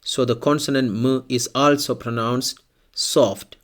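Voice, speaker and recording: A man with a mid-pitched voice teaches a language lesson at an unhurried pace. He explains step by step and says each example word twice for the learner. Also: steady tone, a bit bright. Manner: slow, deliberate, repeats example words twice.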